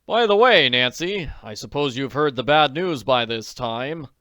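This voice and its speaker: A man's voice: medium pitch, unhurried, no room sound, clean studio sound. A man voicing a tired middle-aged father home after a hard day. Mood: weary. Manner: weary, relaxed.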